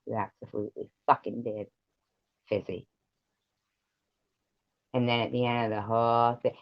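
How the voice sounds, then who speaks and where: A man rants on a live stream, cursing freely and rambling from one grievance to the next. His mid-pitched voice comes through dull and lo-fi, with a dry, close sound and almost no room around it. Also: fairly even intonation, moderate pace, long pauses, no echo. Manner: profane, rambling, confrontational. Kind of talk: ranting live stream chat.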